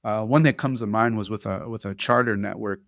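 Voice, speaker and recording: A man hosting a podcast interview in a casual, lively way, often laughing as he tells stories. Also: lowish voice, a little fast, dry recording, studio quality. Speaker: podcast host.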